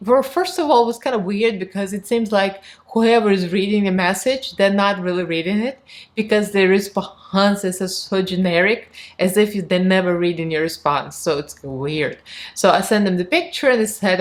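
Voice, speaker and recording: A woman's voice: mid-range voice, normal speed. A woman with a Russian accent, a beauty vlogger in her thirties, chatting candidly to camera, laughing often and acting out what people said to her. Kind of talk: casual chat to camera.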